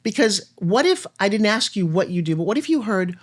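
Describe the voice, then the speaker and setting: A woman guest on a podcast, telling stories and coaching in an animated way, acting out lines of dialogue. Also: brisk. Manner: animated storyteller, acts out dialogue with big pitch jumps. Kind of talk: fast-paced podcast conversation.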